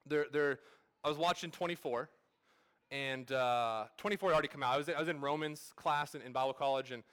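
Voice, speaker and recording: A man's voice: a little high, brisk, a bit bright, smooth. A man in his thirties, a pastor, preaching a sermon at a church service in a casual, storytelling way full of fillers and restarts.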